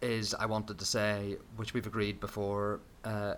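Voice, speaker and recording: A man's voice: fairly low pitch, completely flat delivery, measured pace, fairly bright tone. A man co-hosting a podcast in casual chat, laughing often and repeating phrases playfully. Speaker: podcast co-host.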